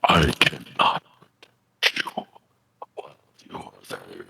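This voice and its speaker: A man voicing a huge, gentle old male kraken with a deep, bellowing voice and slow, solemn speech. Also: very animated, vocal fry, a little hiss or hum, full character voice. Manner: slow, solemn, drawn-out words. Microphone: voice call microphone.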